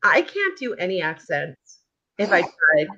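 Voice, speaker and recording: A woman's voice: on the low side, sing-song, a little slow, pushed and bright, breathy edge. Woman hosting a casual livestream chat. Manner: easygoing, chatty, laughs along. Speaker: channel host. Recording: muffled lo-fi stream audio.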